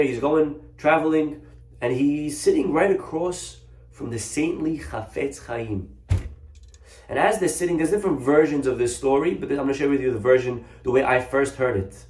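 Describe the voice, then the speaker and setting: A man, a rabbi, telling a story in a Torah lesson, animated and acting out the characters. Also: fairly high pitch. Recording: echoey room.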